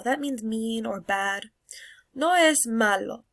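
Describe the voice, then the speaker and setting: A young woman teaching Spanish, sounding out words slowly for learners and then explaining casually. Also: on the high side, a bit bright, no echo. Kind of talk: classroom lesson recorded for students.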